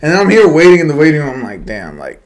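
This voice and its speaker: A young man co-hosting a podcast, telling a story in casual chat, animated and swearing, laughing often. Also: a little high, rapid-fire. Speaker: podcast co-host.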